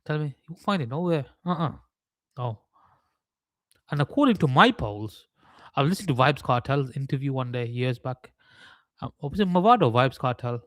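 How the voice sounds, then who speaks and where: A man's voice: medium pitch, animated, normal speed, pauses often, no echo. A young man hosting a live trading stream, mixing chart analysis with rambling, mock-serious joking rants.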